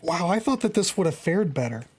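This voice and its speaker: A man's voice: high voice, sing-song, brisk, slightly rough. A man hosting a casual panel discussion, greeting people and handing the turn to the next panelist in an upbeat way. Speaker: host of a panel show.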